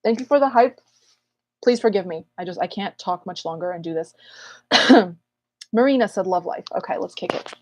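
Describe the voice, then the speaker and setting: A woman's voice: medium pitch, expressive, normal speed, long pauses, a little mellow, no echo. A woman astrologer hosting a live Q&A, chatting playfully and calling out viewers' names while getting over an illness. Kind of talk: casual livestream chat.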